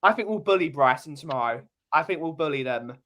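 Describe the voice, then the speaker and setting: A man's voice: on the high side, expressive, brisk, pushed and bright. A man giving his views as a panelist on a fan show, hesitant with many ums and restarts. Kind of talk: casual chat.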